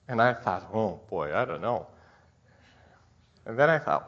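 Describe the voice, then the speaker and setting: A middle-aged male pastor delivers a heartfelt Christmas sermon in a husky, slightly raspy voice. His pitch swings widely as he speaks, halting and tender at moments. The recording sounds dull and muffled. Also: big pitch swings. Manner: heartfelt, halting, tearful at times.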